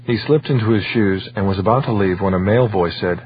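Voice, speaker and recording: A man reading an audiobook in measured, even scripted narration. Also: on the low side, lo-fi sound, slight background noise.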